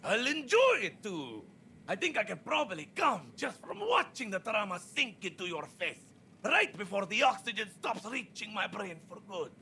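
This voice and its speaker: A man's voice: sing-song, normal speed, sharp tone, slight background noise, exaggerated voice. A man voicing a paranoid, unhinged middle-aged male doctor in a video game, with an erratic put-on accent and a sneering manner. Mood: menacing. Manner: sneering, swinging between high shrill and deep growl.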